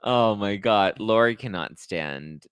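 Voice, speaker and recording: A man's voice: lowish voice, lively intonation, slow pace, a bit bright, clean tone, no echo. Gossipy man hosting a live chat. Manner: gossipy, quotes people in put-on voices. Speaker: host. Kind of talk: casual live-stream chat.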